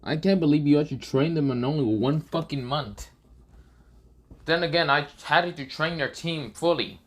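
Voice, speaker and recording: A man's voice: on the high side, moderate pace, pitched above the performer's own voice, natural voice. A man voicing a cocky, foul-mouthed male sorcerer teacher who boasts and insults casually. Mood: mocking. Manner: boastful, swearing.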